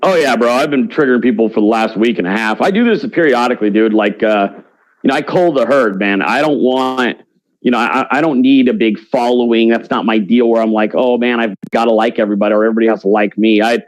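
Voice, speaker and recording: A man's voice: medium pitch, a little fast, no room sound, rough recording. A man talking as an interview guest in a blunt, brash, slangy way. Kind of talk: casual interview talk.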